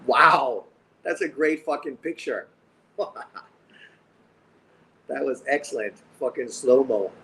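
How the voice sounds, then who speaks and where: A man's voice: mid-range voice, animated, slow, pauses often, sharp tone, slight background noise, rough recording. A middle-aged Canadian man hosting a boxing livestream, bantering bluntly with viewers and swearing constantly. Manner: profane, blunt, joking banter. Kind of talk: casual livestream chat reading comments. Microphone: streaming mic.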